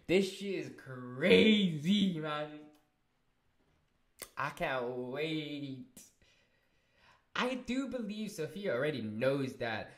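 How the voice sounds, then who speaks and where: A man recapping a show episode in a casual review, excitable and swearing, with many restarts and fillers. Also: fairly high pitch, slow, pauses often. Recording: roomy echo.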